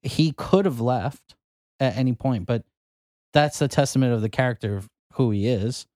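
A man's voice: mid-range voice, normal speed, dark tone, no room sound, studio quality. A young man co-hosting a podcast, laid-back and joking in casual chat. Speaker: podcast co-host.

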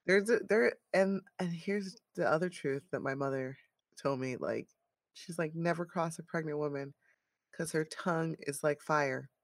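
A mother of a toddler in her thirties tells animated stories and laughs often. Her voice has a gravelly, fry-edged texture. The sound is dry and close, with no room around it. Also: low voice, unhurried, dry recording. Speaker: podcast co-host. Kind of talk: casual chat.

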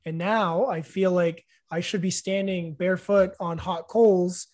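A man's voice: sits high, steady tone, a little slow, darkish tone. A man hosting a casual interview, speaking conversationally with frequent fillers. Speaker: podcast host.

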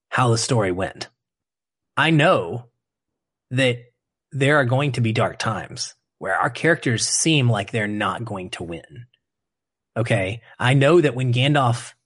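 A man's voice: mid-range voice, fairly bright tone, dry recording. Earnest man with dry close sound. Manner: earnest, emotional, quick bursts of speech. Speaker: podcast co-host. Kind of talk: casual film discussion.

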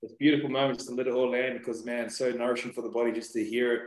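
A man's voice: medium pitch, flat delivery, very fast, a crowd in the background. A man speaking as a podcast guest, earnest and emotional, often saying "you know". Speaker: podcast guest, breath-work facilitator. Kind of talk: heartfelt conversational sharing. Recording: roomy echo.

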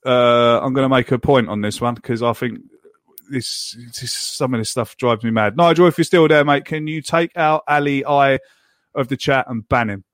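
A man's voice: mid-range voice, moderate pace, a bit bright, no echo, clean studio sound. A man hosting a casual football podcast, chatting and moderating the live chat. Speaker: podcast host.

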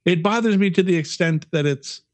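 A man's voice: sits high, a little fast, no echo. A man co-hosting a podcast in casual chat, ranting bluntly and swearing a lot. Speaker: podcast co-host.

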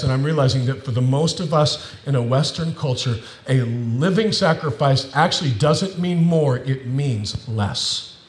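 A middle-aged male pastor giving a sermon, with animated preaching that builds to emphatic repetitions. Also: mid-range voice, roomy sound.

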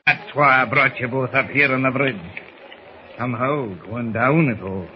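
Man acting as a stoic sea captain, gruff fatherly manner, middle pitch, dull old radio sound. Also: a little slow, close to an everyday voice. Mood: solemn. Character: older male ship captain, fatherly and stoic. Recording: dull old radio recording with faint hiss.

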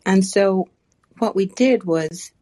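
An Irish woman, an author guest, chatting in an animated storytelling way in an interview. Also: medium pitch, takes it slowly. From Ireland. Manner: animated storyteller, frequent restarts. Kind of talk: casual interview chat.

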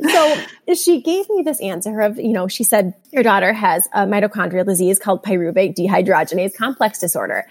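A woman's voice: medium pitch, a little fast, hardly any pauses, slightly rough. Candid mom telling her story. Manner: candid storytelling, animated retelling. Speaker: podcast guest, mother. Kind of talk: casual chat.

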